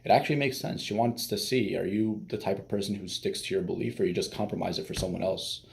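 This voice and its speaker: Low, mellow-voiced man giving dating advice. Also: fast talker, gravelly. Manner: conversational, loose, frequent restarts and fillers. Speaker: dating coach. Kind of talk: casual advice talk.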